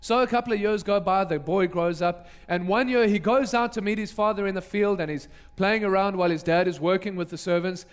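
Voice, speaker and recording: A man's voice: sits high, brisk, few pauses, clean tone. A male pastor retelling a Bible story in a sermon, vividly narrating and acting out the characters.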